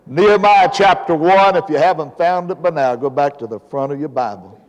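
A man's voice: a little high, brisk. A man in his seventies, an evangelist preaching a sermon in a church, telling folksy jokes before building to fervent preaching. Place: church sanctuary. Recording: long hall reverb.

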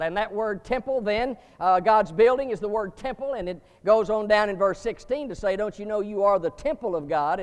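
A man preaching a sermon to seminary students, emphatic, with sudden rising bursts and slow stressed words. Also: sits high, long reverb tail.

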